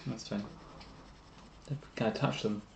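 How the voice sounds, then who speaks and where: A man's voice: on the low side, steady tone, slow, creaky. A man with a pleasant radio-friendly voice, chatting casually and asking dry, teasing questions. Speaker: companion in the room. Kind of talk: casual chat. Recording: echoey room, off the mic.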